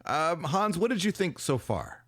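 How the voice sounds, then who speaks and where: A man co-hosting a comedic sports podcast, delivering jokes in a deadpan way. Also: fairly high pitch, normal speed. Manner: deadpan, joking. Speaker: podcast co-host.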